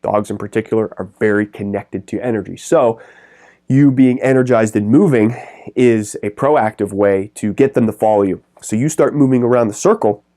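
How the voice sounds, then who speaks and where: A middle-aged man coaching pet business owners straight to camera, talking in quick, energetic, rambling bursts. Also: on the low side. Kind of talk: direct-to-camera business advice.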